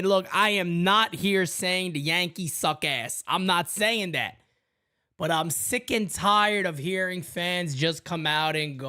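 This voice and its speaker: A man hosting a live fan stream, ranting excitably with swearing and casual banter. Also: a little high, moderate pace. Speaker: host. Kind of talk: live-stream sports talk.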